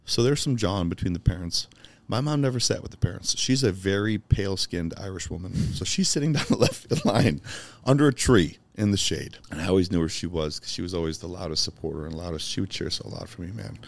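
A man with a notably deep voice tells personal stories as a podcast guest. He speaks emphatically and from the heart, with a casual curse here and there. He grew up in Chicago. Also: animated, fairly quick, vocal fry, few pauses, no echo. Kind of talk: personal storytelling in conversation.

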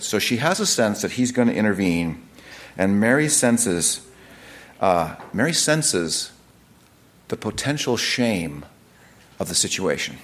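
A man's voice: lowish voice, sing-song, a little slow, fairly bright tone. A man preaching a sermon that explains scripture in a conversational way, with frequent restarts and asides.

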